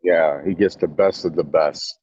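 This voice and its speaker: A man's voice: deep voice, fairly even intonation, moderate pace, a little mellow, a little hiss or hum. A man in a casual chat, making crude jokes and laughing a lot. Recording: muffled lo-fi call audio.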